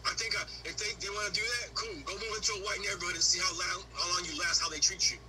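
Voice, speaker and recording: A man's voice: high voice, fairly even intonation, fast talker, over music, low-quality recording. A man from Honduras, a podcast guest, talking bluntly and profanely in a heated casual conversation.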